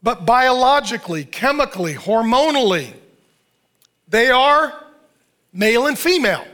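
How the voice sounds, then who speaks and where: A middle-aged man preaching a sermon in an animated, joking way. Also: very high-pitched, unhurried. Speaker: pastor.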